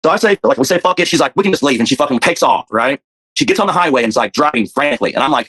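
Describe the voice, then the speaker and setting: Fast-talking man telling a story. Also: mid-range voice, expressive, a bit bright, husky. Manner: fast, profane, repeats himself. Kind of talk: casual storytelling.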